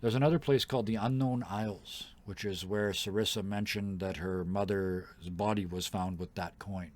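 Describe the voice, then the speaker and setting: Low-voiced man running a tabletop game. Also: normal speed. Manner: relaxed storytelling with fillers and laughs. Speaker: game master.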